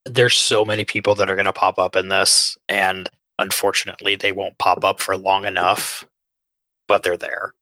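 A man co-hosting a podcast in casual chat, speaking quickly and with excitement. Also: low-pitched, no echo, rough recording. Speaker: podcast co-host.

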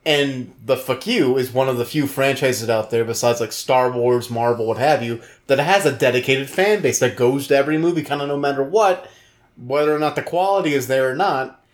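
A man's voice: medium pitch, fairly quick. Joking man on a podcast. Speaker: podcast co-host. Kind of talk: casual chat.

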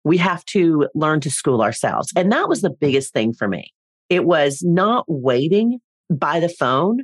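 A middle-aged woman talks as a podcast guest, chatty and full of playful asides. Her pitch swings widely, and the recording is dry and close. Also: sing-song, a little slow, dry recording. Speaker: speaker coach guest. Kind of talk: casual interview.

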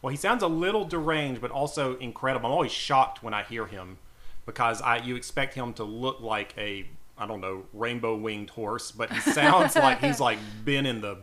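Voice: medium pitch, moderate pace, fairly bright tone. A co-host in a casual podcast chat with a wry, teasing manner.

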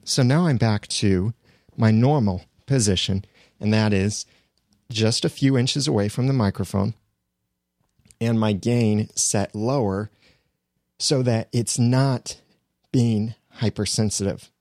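Casting note: male instructor, lowish voice, easygoing explainer, dry close-mic studio sound. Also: takes it slowly, pauses often, no room sound. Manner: relaxed, conversational teaching. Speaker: podcasting instructor. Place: small home studio room. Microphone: close studio microphone.

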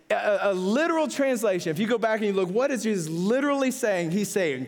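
A man pastor preaching a sermon with passion, repeating phrases and rising to excited peaks. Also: fast talker, few pauses. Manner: impassioned, repetitive, builds to excited high-pitched peaks.

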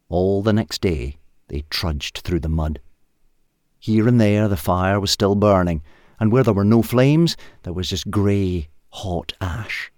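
A man reads a comic short story aloud, lively and expressive. His voice is very deep. The recording is dry, with no room sound. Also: slow pace, no room sound. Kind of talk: storybook reading.

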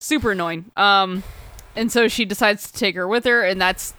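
Chatty swearing woman, smooth voice. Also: mid-range voice, moderate pace, pushed and bright. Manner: swears freely, acts out quotes in a raised voice. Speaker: podcast co-host. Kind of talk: casual chat recapping a book.

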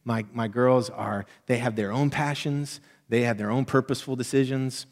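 A middle-aged man preaching a sermon as pastor, conversational and animated, checking in with the congregation as he goes. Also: mid-range voice, normal speed. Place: church sanctuary. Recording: long hall reverb.

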